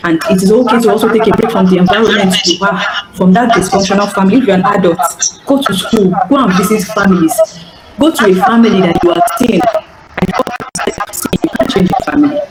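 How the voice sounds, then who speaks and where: A woman's voice: mid-range voice, brisk, over a noisy crowd. A woman giving an earnest, repetitive live coaching talk over call audio. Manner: earnest, repeats phrases, stammers on restarts. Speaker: healing coach. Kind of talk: live online teaching talk. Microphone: online call audio. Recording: echoey, noisy call audio.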